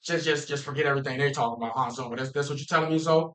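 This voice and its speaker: Man, football fan vlog, casual rant, animated, emphatic, repetitive, mid pitch. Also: fast talker, few pauses, poor audio. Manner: animated, repetitive, talks straight to viewers; emphatic, restarts phrases often.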